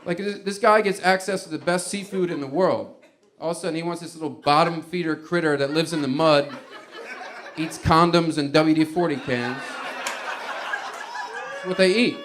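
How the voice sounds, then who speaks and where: A man's voice: on the high side, moderate pace, pauses often, fairly bright tone, a little hiss or hum. A man doing stand-up, telling a long, rambling story and chuckling as he restarts his sentences. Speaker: stand-up comedian.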